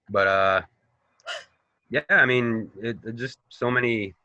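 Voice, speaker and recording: Bright-voiced man telling stories. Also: medium pitch, takes it slowly, dry recording, highs cut off. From Boston, United States. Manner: animated, profane, rambling storyteller. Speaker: actor guest. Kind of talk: casual interview storytelling.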